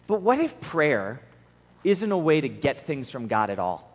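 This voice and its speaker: A man giving a conversational sermon at a camp, telling stories in an animated way and acting out the voices he quotes. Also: medium pitch, moderate pace. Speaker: camp speaker, preacher. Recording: long hall reverb.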